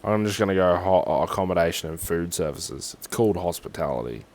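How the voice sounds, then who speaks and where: A man's voice: low-pitched, lively intonation, brisk. A young Australian man with an Australian accent, rambling sarcastically and swearing as he talks through a form on a casual livestream.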